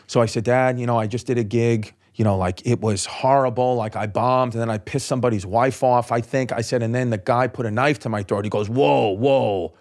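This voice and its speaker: A man, a comedian guest on a podcast, telling a story in quick, profane bursts and acting out the people he quotes. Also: mid-range voice, steady tone, darkish tone. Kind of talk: animated storytelling.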